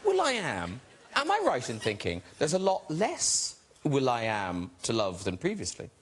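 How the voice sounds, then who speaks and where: A man's voice: medium pitch, a little slow, husky. A man with an Irish accent hosting a talk show, teasing his guests and laughing a lot. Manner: teasing, giggly, lively. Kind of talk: chatty interviewing with laughs. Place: TV studio with live audience. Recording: loud studio audience, background noise.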